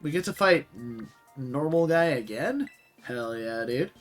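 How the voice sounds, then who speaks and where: A man's voice: medium pitch, expressive, measured pace, faint music behind. A man from the Southern US giving casual, rambling gameplay commentary with many fillers and self-corrections. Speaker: streamer playing a game.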